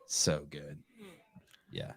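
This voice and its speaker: A man's voice: very slow, dry recording. A middle-aged man hosting a podcast, telling stories in a profane, rambling casual chat. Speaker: podcast host.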